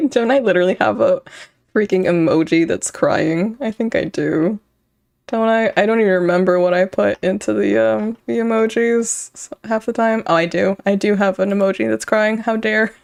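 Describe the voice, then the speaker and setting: A woman's voice: medium pitch, normal speed, gravelly, darkish tone. A young woman streaming, chatting casually with her viewers, rambling and breaking into giggles often. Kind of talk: casual chat with live chat.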